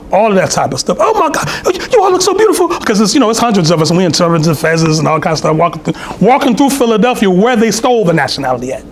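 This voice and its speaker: A man preaches in a loose, storytelling way, full of asides and fillers. His voice sits fairly high for a man. A faint hiss runs beneath the temple recording. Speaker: speaker at a temple meeting. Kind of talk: conversational sermon. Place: temple hall.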